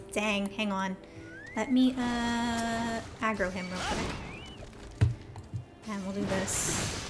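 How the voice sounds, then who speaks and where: A woman streamer talks through her gameplay in a chatty, scattered way, often addressing her viewers. Her voice sits on the higher side, with faint music under it. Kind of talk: casual gameplay chat.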